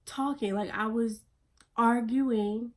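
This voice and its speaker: A woman vlogging in a blunt, profane pep-talk manner, sometimes dropping her voice to a soft near-whisper. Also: on the high side, fairly even intonation, slow. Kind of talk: casual motivational vlog talk.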